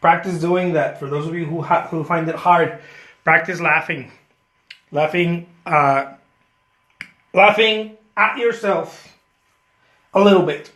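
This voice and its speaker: Playful, high-voiced artist chatting while painting. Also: male voice, slow, long pauses, fairly bright tone, roomy sound. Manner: playful, self-mocking boasts; chatty, thanks viewers by name. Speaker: artist painting live for viewers. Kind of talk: casual live-stream chat while painting.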